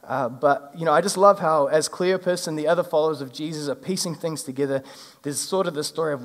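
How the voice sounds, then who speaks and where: A male pastor, preaching a sermon in a church and retelling the story in a lively, casual way. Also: a little high, fast. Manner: animated, acts out the characters in a casual retelling. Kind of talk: sermon with scripture reading. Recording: long hall reverb.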